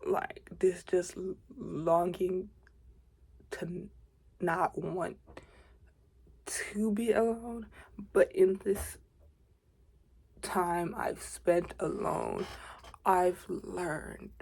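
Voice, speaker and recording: A woman's voice: lowish voice, steady tone, drawn-out words, gravelly, long pauses, a little mellow, slightly rough. A woman of twenty in a casual confiding vlog, rambling and chatty, with asides, self-corrections and dips into a whisper. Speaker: faith vlogger.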